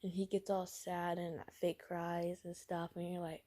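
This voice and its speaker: A woman's voice: fairly low pitch, flat delivery, a little slow, warm tone. A woman casually telling a role-play story to her listener, rambling with many fillers and giggles.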